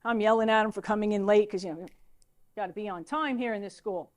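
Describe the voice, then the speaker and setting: A middle-aged woman, a teacher giving a lecture full of lively anecdotes and excited asides. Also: mid-range voice, fast. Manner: animated storytelling, excitable asides.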